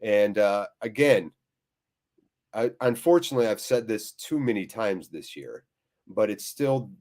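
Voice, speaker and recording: A man's voice: lowish voice, lively intonation, a little slow, darkish tone. A man hosting a live fan watchalong, reading viewers' chat aloud with jokey swearing and a weary, deflated tone.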